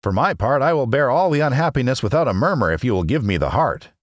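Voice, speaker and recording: A man voicing an earnest male tin woodman with a high, emphatic delivery. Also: sing-song, fast talker, no room sound, studio quality, lightly acted. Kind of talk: audiobook character reading.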